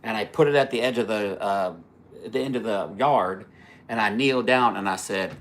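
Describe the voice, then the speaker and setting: Rambling, profane man with a bright voice. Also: on the low side, normal speed. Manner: rambling, profane, many fillers and restarts. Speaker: livestream host. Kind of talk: casual livestream storytelling.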